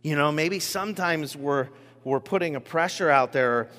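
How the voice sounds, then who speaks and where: Animated pastor in a reverberant hall. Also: male voice, fairly high pitch, moderate pace. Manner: conversational, animated, with many restarts. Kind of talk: sermon. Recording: echoey hall with long reverb.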